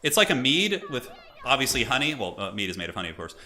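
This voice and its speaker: A young man streaming and chatting excitably as he commentates a multiplayer strategy game, laughing often. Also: medium pitch, quick pace.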